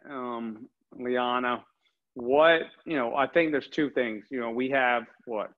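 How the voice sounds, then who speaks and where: A man hosting a casual interview, upbeat and encouraging, asking long rambling questions. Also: medium pitch. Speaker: host. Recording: slightly dull lo-fi audio.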